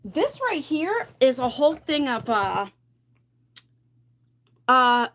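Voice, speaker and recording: Speaking slowly in a high, very animated and slightly bright voice, a woman livestreams from home in pajamas, chatting casually as she clears out her makeup. She's rambly and quick to laugh, still a bit breathless after carrying heavy boxes.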